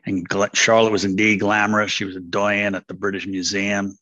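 An older man tells his story in a low, steady voice that barely rises or falls, with a bright edge to it. He talks candidly and rambles, with many fillers. The sound is close and dry. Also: a little fast, no echo, lo-fi sound. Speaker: speaker sharing at a recovery meeting. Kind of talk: personal testimony.

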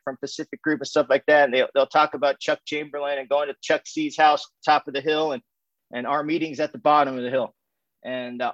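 A man's voice: medium pitch, fairly bright tone, no room sound, muffled recording. A man telling his recovery story at a meeting in a loose, rambling way, with lots of fillers and restarts and frequent laughs. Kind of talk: casual personal story share. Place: home via video call.

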